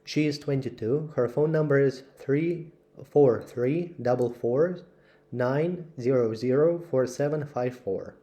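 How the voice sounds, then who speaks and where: A man reading English textbook passages aloud for learners, slowly and carefully. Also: mid-range voice, mellow. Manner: slow, careful read-aloud delivery. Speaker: English teacher.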